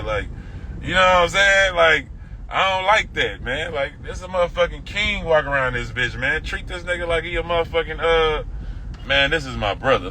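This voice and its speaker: A man with a Houston, Texas accent rambles through a livestream from behind the wheel. His voice sits a bit high and has a bright, forceful edge, and he talks in a loose, profane street style. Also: brisk, a little hiss or hum, rough recording. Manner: laid-back, profane, rambling street talk. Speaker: livestream host. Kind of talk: casual livestream talk. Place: driving in a car outdoors. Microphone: phone.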